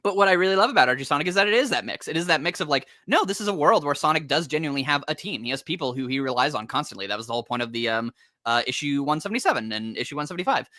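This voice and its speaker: A young man hosting a casual comics podcast, talking fast and animatedly with lots of swearing and laughter. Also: fairly high pitch, expressive, bright, forceful tone, no echo, clean studio sound. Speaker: podcast host.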